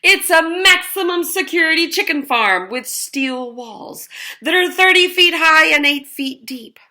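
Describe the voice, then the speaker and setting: A woman's voice: very high voice, measured pace, voice pushed up, heavily acted. A woman voicing an eager male wolf who leads a gang of misfits in a storybook. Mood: briefing. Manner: excitable, pushy.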